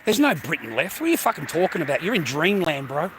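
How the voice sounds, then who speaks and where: A man's voice: fairly high pitch, very animated, fast, background noise. A man delivering an angry, profane ranting monologue, repeating himself and tagging lines with mate and bro. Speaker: vlogger.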